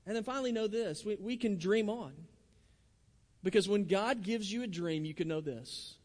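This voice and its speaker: A man's voice: high voice, moderate pace, a little mellow, big-room sound. A man preaching a sermon as pastor, earnest, often repeating his first words as he builds a point. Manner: earnest, repeats words when starting phrases.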